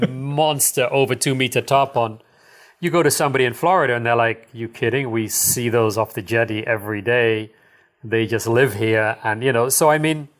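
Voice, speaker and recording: A middle-aged man who owns a dive shop, telling rambling, enthusiastic stories as a podcast guest, full of fillers and chuckles. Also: medium pitch. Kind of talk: casual storytelling interview.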